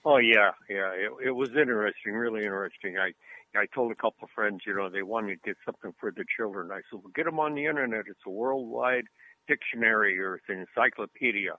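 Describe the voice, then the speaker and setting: A man's voice: lowish voice, quick pace, a little hiss or hum. A man co-hosting a casual podcast chat over the phone, chatty and rambling through anecdotes. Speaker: co-host. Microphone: phone line. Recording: tinny phone line.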